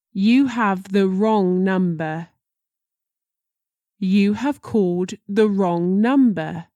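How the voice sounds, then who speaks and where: Slow, careful woman reading phrases. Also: medium pitch, dark tone, dry recording. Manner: slow and deliberate, careful pronunciation. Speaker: language teacher.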